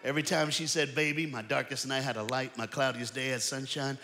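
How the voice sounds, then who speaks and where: A man preaching an energetic sermon to a church crowd, calling out to them. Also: mid-range voice, a little fast, faint music behind. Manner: animated, shouting preaching with crowd call-outs. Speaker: guest preacher. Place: large church auditorium. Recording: long hall reverb.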